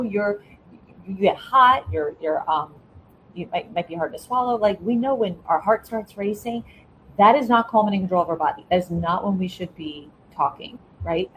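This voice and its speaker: Woman, middle-aged, fairly low voice, podcast guest, former principal, step-by-step explainer, checks in often, faint background noise. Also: low-quality recording. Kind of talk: casual interview talk.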